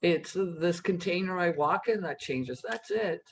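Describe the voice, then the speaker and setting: A man's voice: sits high, expressive, unhurried, low-quality recording. A man speaking as a panel guest, telling a personal story in an earnest, reassuring way with frequent restarts.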